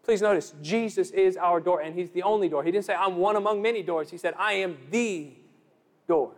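A young man preaching a sermon, telling a lively story and building to emphatic declarations. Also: high voice, quick pace. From United States.

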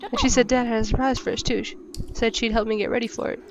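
A woman's voice: on the high side, fairly even intonation, quick pace, dull audio, over a noisy crowd, natural voice. Woman reading as a lonely little boy. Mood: wistful. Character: small lonely boy waiting for his sister.

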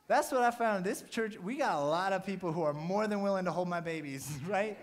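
A pastor in his thirties, his voice sitting high, preaches briskly with few pauses. His sermon to his church is casual and chatty, and he keeps checking in with "right?"

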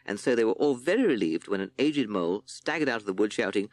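A man narrating a children's audiobook in an expressive storytelling manner. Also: fairly low pitch, quick pace, no room sound.

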